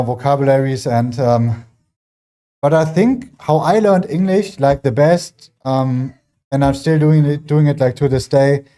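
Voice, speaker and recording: A man's voice: mid-range voice, warm tone. German man chatting casually in home gym. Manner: rambling, many fillers, chatting with viewers between sets. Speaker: fitness livestreamer. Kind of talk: casual chat while working out.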